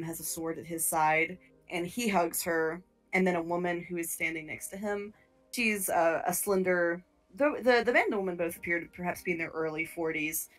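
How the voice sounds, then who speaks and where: Female game master, lower voice, descriptive narration with hesitations, faint music under it. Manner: descriptive, with fillers and restarts. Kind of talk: narrating a tabletop horror game.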